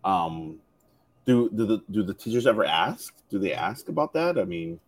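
A man talks casually in a fairly low voice. He asks probing questions, hesitating and filling pauses as he goes. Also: expressive. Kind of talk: casual chat.

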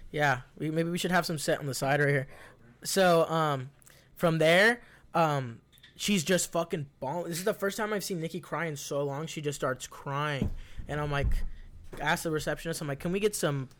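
A young man in casual conversation, telling a story in a loose, rambling way. He swears freely and fills his sentences with "like" and "you know". His voice sits a little higher than most men's. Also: moderate pace, fairly bright tone. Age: young adult. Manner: profane, rambling, lots of fillers.

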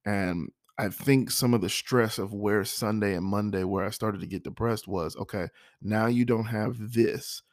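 Low gravelly man musing earnestly. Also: measured pace, dry recording, clean studio sound. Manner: earnest, repetitive, self-reflective. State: frog in his throat, clearing it. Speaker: vlogger. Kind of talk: reflective personal monologue.

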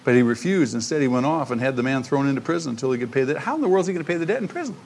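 Male pastor preaching with lively emphasis; faint background noise. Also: medium pitch, very fast. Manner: animated preaching, acting out the parable's voices. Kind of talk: sermon.

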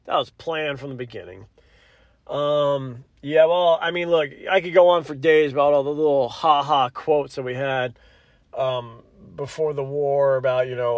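A man's voice: mid-range voice, moderate pace, no room sound, muffled recording. A man hosting a podcast in casual solo commentary. He rambles, corrects himself mid-sentence, swears, and apologizes often. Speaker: podcast host.

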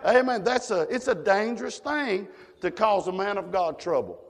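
A man's voice: high-pitched, expressive, moderate pace. A man preaching a fervent sermon, punctuating his points with frequent amens. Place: church sanctuary. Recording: long church hall reverb.

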